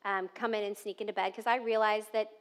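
A woman in her thirties preaching a sermon, telling family stories and dropping to soft, tender tones. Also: mid-range voice, flat delivery, fast talker. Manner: warm storytelling with soft tender asides and laughs. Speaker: pastor. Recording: long reverb of a large hall.

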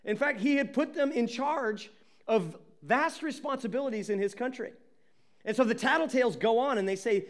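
A man preaching a sermon as pastor, emphatic and animated, often repeating words as he builds. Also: extremely high pitch, a little fast.

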